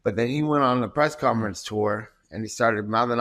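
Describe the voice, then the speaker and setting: A man in his thirties, a fighter guest, telling stories in a profane and animated way in a casual interview. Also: mid-range voice, a little fast, hardly any pauses.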